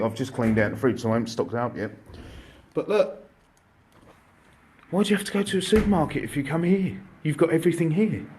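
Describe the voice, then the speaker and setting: A man, an airsoft shop owner, chatting casually and excitably to viewers on a live stream from inside his shop. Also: mid-range voice, slight background noise. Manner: chatty, excitable, jokey, addresses viewers directly.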